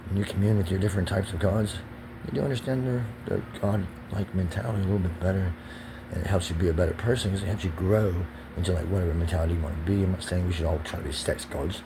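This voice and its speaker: Rambling low-voiced man, noisy background. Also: creaky. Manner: rambling, drops to whispers then rises to agitated shouting; profane, pressured fast speech. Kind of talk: rambling monologue vlog.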